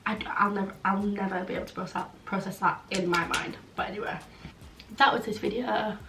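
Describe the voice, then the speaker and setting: A woman's voice: mid-range voice, steady tone, fairly quick, recorded from a distance. Young woman, chatty Q&A vlog, frank, roomy echo, faint background noise. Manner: frank, blunt, chatty, many "like" fillers. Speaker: vlogger. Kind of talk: casual chatty Q&A.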